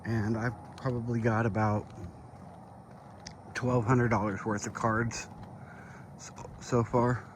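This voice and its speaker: A man's voice: medium pitch, flat delivery, slow pace, pauses often, background noise. A middle-aged man with the hiccups, giving a rambling, hesitant update to his viewers while walking outdoors at night. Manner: rambling, hesitant, with many fillers. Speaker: vlogger. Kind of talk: casual walk-and-talk update.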